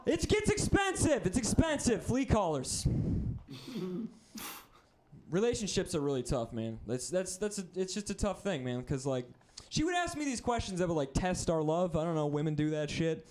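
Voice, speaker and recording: A young male comic from the Midwest talks through a rambling stand-up set in a high voice. He moves loosely from one crude, self-mocking aside to the next with a deadpan shrug. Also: moderate pace. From American Midwest (Wisconsin). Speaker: stand-up comedian.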